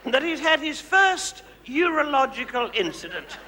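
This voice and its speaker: Comedy stage: a man as a very high-voiced, condescending housewife megastar, in a reverberant hall. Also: sing-song, unhurried, crowd noise, noisy background, heavily acted. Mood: gushing. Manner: theatrical, condescending, gushing endearments. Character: flamboyant gushing suburban housewife turned megastar, woman. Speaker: host directing audience volunteers. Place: large hall.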